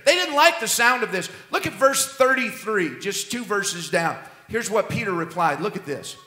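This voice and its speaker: Male pastor preaching, bright high-ish voice, loud then soft, big roomy echo. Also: normal speed. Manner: animated, emphatic, swings loud and soft. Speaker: senior pastor. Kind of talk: sermon.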